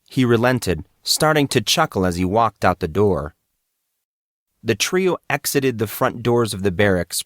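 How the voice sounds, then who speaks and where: With a lowish voice, a man reads an audiobook steadily and at a measured pace. The sound is clean studio audio with no echo.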